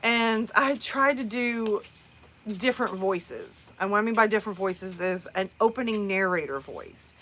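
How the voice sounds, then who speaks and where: A woman's voice: medium pitch, a little slow, a bit bright, slight background noise. A woman host chatting casually on a live stream, rambling with many fillers and restarts.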